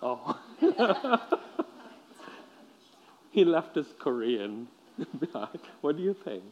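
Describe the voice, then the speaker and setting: A man preaching a sermon to a congregation, lively and repetitive, often asking his listeners questions and stumbling over repeated words. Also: on the high side, extremely slow, lo-fi sound.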